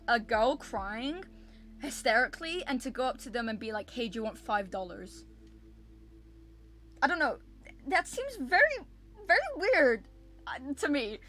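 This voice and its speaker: Animated young woman streamer telling a story. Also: on the high side. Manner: animated, repeats herself, swears freely. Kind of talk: casual storytelling to stream chat.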